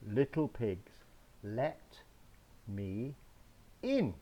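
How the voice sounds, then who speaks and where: Man doing a big bad hungry wolf, storybook menace, slow drawn-out words, swooping lively pitch. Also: exaggerated voice. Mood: menacing. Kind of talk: reading a picture book aloud to children.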